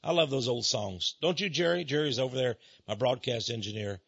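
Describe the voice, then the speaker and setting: A man's voice: mid-range voice, fairly quick, gravelly, fairly bright tone, husky, no room sound, highs cut off. A middle-aged man hosting a radio ministry show, ranting in an impassioned, preachy way and laughing often, recorded in a radio studio.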